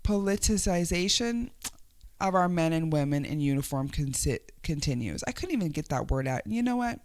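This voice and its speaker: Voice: mid-range voice, lively intonation, brisk, dry recording. A vlogger giving casual, exasperated commentary on news clips, often sighing, laughing and tripping over hard words.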